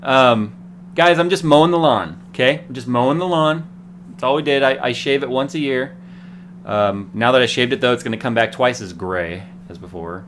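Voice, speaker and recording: Animated host telling stories with laughs. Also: male voice, medium pitch, normal speed, a little hiss or hum. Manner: laughing, rambling, animated storytelling. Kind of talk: casual tech livestream chat.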